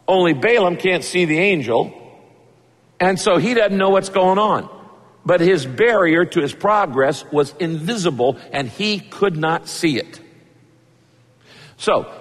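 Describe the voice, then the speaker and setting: A pastor with a slightly high voice preaches in a space with a big-room sound. His sermon is conversational and emphatic as he retells a story and presses the point home.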